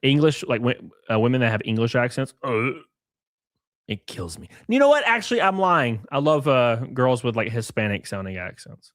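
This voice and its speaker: Male streamer with an Alabama drawl, mid-pitched, crude and rambling, dry close mic. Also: animated, normal speed, fairly bright tone, dry recording. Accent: Alabama Southern. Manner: rambling, crude, joking asides. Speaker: streamer reading chat. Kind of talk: casual livestream commentary.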